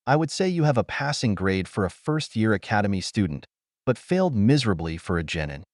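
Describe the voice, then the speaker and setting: A calm, wry male ninja mentor who speaks bluntly, as a man narrating reads his lines. The voice is low and lively in pitch. The recording sounds dry and close. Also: brisk, dry recording.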